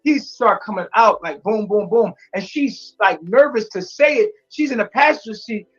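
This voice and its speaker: A man on a live stream telling a rambling personal story in a crude, animated, repetitive way, with a husky voice. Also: high-pitched, moderate pace. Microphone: stream mic. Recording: muffled lo-fi stream audio.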